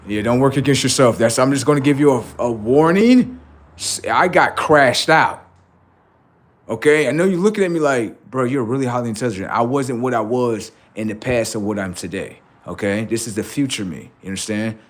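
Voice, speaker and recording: A man hosting a livestream, telling casual stories to his viewers in an animated way, swearing freely and acting out voices. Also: mid-range voice, normal speed. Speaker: livestream host.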